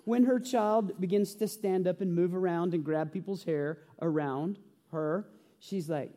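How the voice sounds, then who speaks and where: A man's voice: sits high, a little slow, hardly any pauses, dark tone. A male pastor preaching a sermon, telling a story with humor and earnest conviction in a church. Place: church sanctuary. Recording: reverberant church hall.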